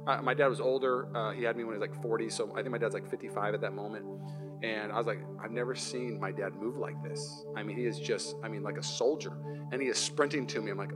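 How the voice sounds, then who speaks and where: A male pastor preaching a live sermon in a church, telling a personal story in an animated way and acting out the scenes. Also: lowish voice, fast, loud music behind the voice. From Washington state, US. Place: church sanctuary, live service.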